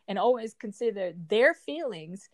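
A woman in her forties speaking in an emotional personal monologue, heated and frustrated, with forceful outbursts. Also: on the high side, expressive, moderate pace, dry recording. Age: 40s.

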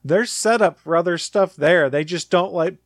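A man co-hosting a podcast, sharing opinions in a relaxed, casual way. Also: high-pitched, normal speed, no echo, studio quality. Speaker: podcast co-host. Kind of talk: casual chat.

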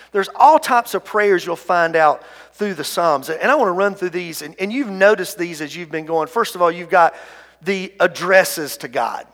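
High-voiced male pastor in a reverberant church. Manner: earnest, swings between hushed and loud, repeats words. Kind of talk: sermon. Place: church sanctuary. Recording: long reverb of a large hall.

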